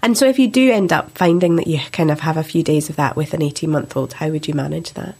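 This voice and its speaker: Woman podcast host, low register, chatty, laughs at herself. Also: quick pace, warm tone, breathy edge. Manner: chatty, self-deprecating, laughs easily. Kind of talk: casual podcast chat.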